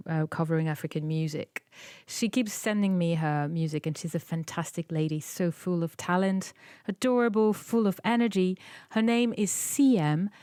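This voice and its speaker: A woman's voice: fairly low pitch, dark tone, clear, resonant tone, no room sound, studio quality. A woman with a French accent co-hosting a podcast, chatting casually and upbeat about news stories. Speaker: podcast co-host.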